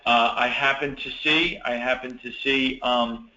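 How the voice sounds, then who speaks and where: A man hosting an online meeting for student teachers, encouraging and apologetic, with many halting restarts. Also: medium pitch, fairly even intonation, pushed and bright, echoey room, dull audio.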